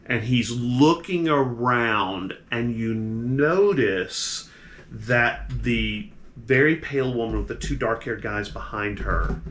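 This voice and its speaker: A man narrating a tabletop game as game master, halting and restarting his sentences. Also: medium pitch, fairly bright tone, slight background noise. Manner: halting, full of restarts and fillers.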